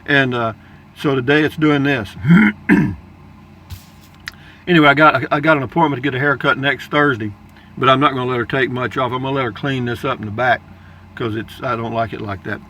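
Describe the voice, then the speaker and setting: A man's voice: mid-range voice, fairly even intonation, fairly quick, pauses often, sharp tone, slight background noise. An older man reading viewer comments aloud in a folksy, rambling casual chat. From Texas, United States. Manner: folksy, rambling, chuckling asides.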